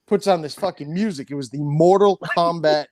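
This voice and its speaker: A man's voice: a little high, normal speed, a little mellow, slight background noise. A middle-aged man telling a long, profane story in casual chat, rambling with many restarts. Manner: rambling, swears often, restarts. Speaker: storyteller guest.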